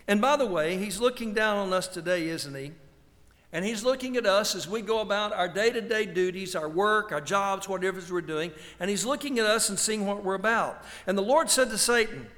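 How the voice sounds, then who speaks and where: A man preaching a sermon, slow and emphatic, drawing out the scripture he quotes. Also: sits high, a bit bright. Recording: long hall reverb.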